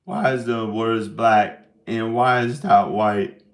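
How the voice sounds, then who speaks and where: A man's voice: on the low side, fairly even intonation, slow. A man talking to his camera in a loose, rambling monologue, drifting between thoughts and often breaking into giggles. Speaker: video maker. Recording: echoey room.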